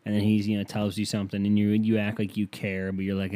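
A man's voice: fairly low pitch, completely flat delivery, quick pace, few pauses, dark tone, no echo. A young man from Ohio hosting a solo podcast, rambling, swearing and mocking himself, on a headset mic. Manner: profane, self-mocking, rambling. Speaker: podcast host.

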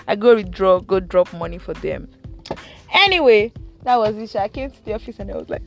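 A woman's voice: medium pitch, normal speed, faint music behind. Playful young Nigerian woman vlogging. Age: young adult. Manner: chatty, playful, drops into Nigerian Pidgin. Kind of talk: casual storytelling chat. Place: in a car.

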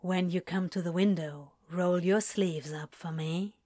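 Woman doing a low, drawling flirtatious man. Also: fairly even intonation, a little slow, dark tone, no echo, studio quality. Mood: teasing. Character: flirtatious male seducer on the phone.

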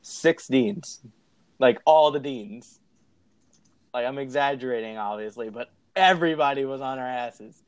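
A young man telling a story in a casual, animated way, swearing and laughing as he goes. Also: mid-range voice, unhurried, smooth, no room sound.

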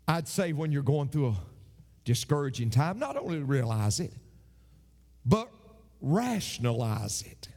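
A man's voice: medium pitch, very animated, measured pace, pauses often, a little mellow, in a large hall. A man preaching a sermon, emphatic and fond of repeating his phrases for effect. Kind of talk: sermon with a told joke.

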